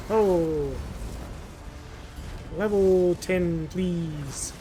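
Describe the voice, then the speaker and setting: A man's voice: high voice, unhurried, long pauses, a little hiss or hum. A man giving casual let's play commentary as he games, talking to himself in a jokey, self-mocking way.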